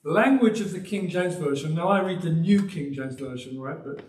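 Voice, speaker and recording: Chuckling english preacher in a roomy hall. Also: male voice, fairly high pitch, normal speed, darkish tone, a little hiss or hum. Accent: softened English West Midlands. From Black Country, West Midlands of England. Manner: folksy, emphatic, with chuckles and asides. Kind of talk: sermon. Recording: roomy, from some distance.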